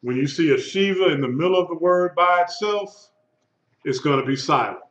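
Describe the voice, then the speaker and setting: A man teaching a live Hebrew lesson, speaking slowly and patiently and repeating words for his students. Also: fairly high pitch, expressive. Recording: lo-fi echoey room recording.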